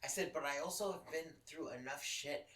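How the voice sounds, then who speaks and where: A podcast host tells a personal story in a frank, swear-filled casual style. His voice is bright and forceful. He sits back from the microphone in an echoey room. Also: fairly high pitch, fairly quick, far from the mic. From Los Angeles. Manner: profane, candid, emotional storytelling.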